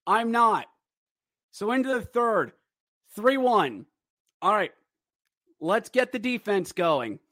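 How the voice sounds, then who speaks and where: Man, excitable hockey fan host, unhurried delivery, dry close sound, sarcastic. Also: high-pitched, no room sound. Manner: excitable, shouts goal calls, sarcastic asides. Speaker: podcast host recapping hockey games. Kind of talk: animated fan game recap.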